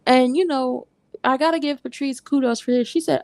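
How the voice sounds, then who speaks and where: A woman hosting a casual TV recap, talking in a sassy, animated way and acting out lines from the scenes. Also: high voice, normal speed, no room sound. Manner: animated, sassy, retells scenes with quoted voices. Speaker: recap host.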